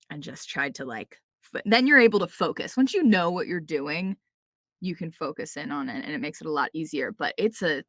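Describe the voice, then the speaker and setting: A woman voice actor, a guest on a podcast, chatting casually and telling quick anecdotes with playful quoted asides and lots of "like" and "um". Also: deep voice, a bit bright, no echo, clean studio sound. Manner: frequent fillers like "like" and "um".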